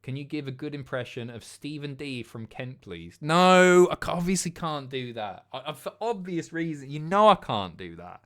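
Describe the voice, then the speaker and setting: A man's voice: mid-range voice, sing-song, normal speed, few pauses, bright, forceful tone. A man streaming live, reading out viewer messages and answering them in loose, sweary banter. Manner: banters with chat, swears freely. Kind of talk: casual chat.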